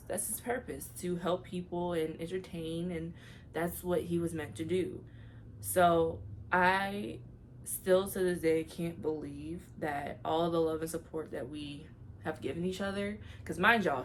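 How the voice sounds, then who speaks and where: A woman's voice: low voice, slight background noise. A young woman vlogger telling a personal story in a casual, emotional, slangy way, talking straight to her viewers.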